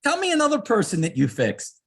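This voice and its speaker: Lively high-voiced excited man. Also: brisk, creaky, husky. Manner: excited, animated, stumbles over his words. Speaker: webinar host. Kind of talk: enthusiastic webinar chat.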